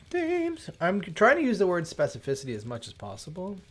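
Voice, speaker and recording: Lively, chatty man thinking aloud. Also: high-pitched. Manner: chatty, self-interrupting, quick to exclaim at results. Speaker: livestream coding host. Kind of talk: thinking aloud while coding. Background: faint background music.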